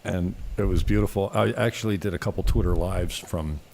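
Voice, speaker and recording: A man's voice: sits low, a little fast, creaky, a little mellow. A Canadian man hosting a casual live-stream chat, telling rambling stories with swearing and laughter. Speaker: host.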